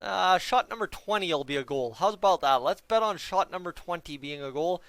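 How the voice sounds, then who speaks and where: A man's voice: sits high, lively intonation, brisk, fairly bright tone, no echo. A young man giving a casual, joking play-by-play reaction to a hockey game for his viewers. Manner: chatty, joking asides to viewers.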